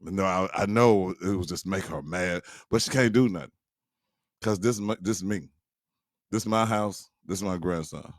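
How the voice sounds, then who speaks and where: A man's voice: deep voice, moderate pace, dry recording. An older man, a grandfather, telling teasing family stories in a casual, chuckling way and often calling out to listeners as y'all. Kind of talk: casual storytelling to viewers.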